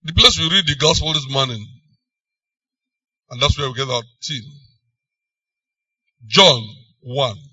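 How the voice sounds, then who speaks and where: A man with a Nigerian accent preaching a sermon, emphatic, swinging between loud and soft phrases. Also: medium pitch, animated, a little slow, pauses often, no echo, distant mic, dull audio.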